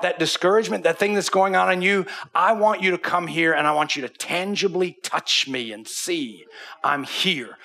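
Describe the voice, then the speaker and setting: A man delivers a sermon as a pastor, his voice bright and a little husky. He sits somewhat high for a man. When he quotes Bible figures, he drops to a hushed near-whisper.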